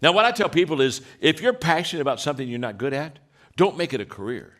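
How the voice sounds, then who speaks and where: An older man giving a motivational talk, telling stories with animated delivery and acting out quoted voices. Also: a little high, quick pace. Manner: animated storytelling, acts out voices, laughs. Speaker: leadership speaker.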